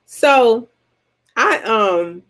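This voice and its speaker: A woman from Georgia with a Southern American accent, chatting casually with her viewers and telling stories in an animated, colloquial way. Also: fairly high pitch, extremely slow. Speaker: vlogger host answering subscriber comments. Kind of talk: casual chat.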